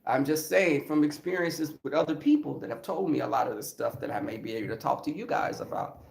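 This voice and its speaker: A man's voice: a little high, fairly quick, gravelly. A man telling comic stories as a podcast guest, laughing often and acting out voices. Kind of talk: comic storytelling. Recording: roomy echo.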